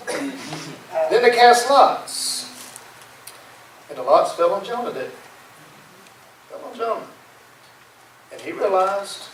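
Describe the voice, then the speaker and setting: A man's voice: high voice, big pitch swings, unhurried, long pauses, slight background noise. A male pastor preaching a sermon in a folksy, dramatic storytelling way. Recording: echoey room from far off.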